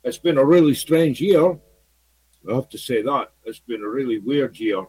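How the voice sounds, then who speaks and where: This Scottish vlogger's casual talk to his viewers is rambling, repetitive, and full of fillers. He sounds animated, with a medium-pitched, darkish voice at a moderate pace, though the audio is poor.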